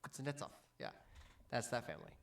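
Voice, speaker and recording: A man narrating a tabletop game as game master, hesitant and filling pauses as he describes scenes. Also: mid-range voice, big pitch swings, vocal fry, fairly bright tone. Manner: hesitant, many ums and restarts.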